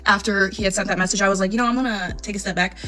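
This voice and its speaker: A woman in her twenties telling a casual storytime, chatty and animated, acting out her own texts. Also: mid-range voice, very fast. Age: 20s. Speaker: storytime vlogger.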